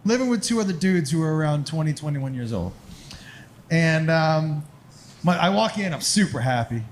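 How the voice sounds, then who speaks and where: A man's voice: a little high, animated, normal speed, a little hiss or hum. A man telling a stand-up story on stage, acting out other people's voices and sound effects. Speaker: stand-up comedian. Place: live comedy club.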